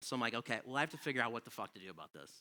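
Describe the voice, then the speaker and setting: Stand-up comic, male, sharp bright tone, swearing and exasperated in his stories. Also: medium pitch, racing. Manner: profane, animated, exasperated storytelling. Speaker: stand-up comedian. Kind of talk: stand-up comedy storytelling. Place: comedy club stage.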